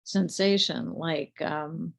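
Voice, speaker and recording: A middle-aged woman slowly telling a personal spiritual story, halting, with many fillers and restarts. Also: deep voice, steady tone, creaky. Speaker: group leader telling her spiritual story.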